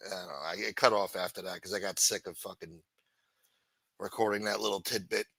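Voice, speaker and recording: A man's voice: deep voice, fairly even intonation, a little fast, gravelly, fairly bright tone, breathy edge, no room sound, rough recording. A man hosting a livestream, ranting heatedly with heavy profanity and sarcasm. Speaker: livestream host.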